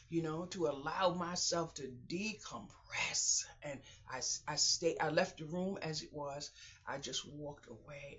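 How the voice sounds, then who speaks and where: A woman's voice: low voice, fairly bright tone. A middle-aged woman vlogging from her craft room at home, talking in a rambling, heartfelt way and sometimes dropping to a whisper. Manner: chatty, heartfelt, drops to whispers. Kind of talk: rambling personal vlog talk. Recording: dull lo-fi sound.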